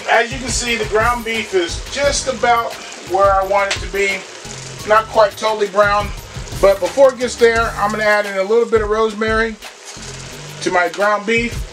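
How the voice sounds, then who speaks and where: A man's voice: high-pitched, fairly even intonation, normal speed, over music. A man hosting a home cooking show, chatting casually and walking viewers through each step in his kitchen.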